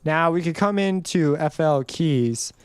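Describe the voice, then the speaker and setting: A man's voice: on the high side, unhurried. A young man casually explaining music theory in a tutorial, rambling a little and singing short notes to demonstrate. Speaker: music composition teacher. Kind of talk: screen-recorded tutorial.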